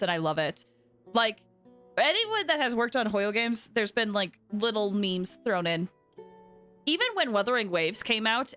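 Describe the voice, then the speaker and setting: A woman's voice: mid-range voice, fairly bright tone. A woman streamer giving casual, chatty, rambling commentary while playing a game.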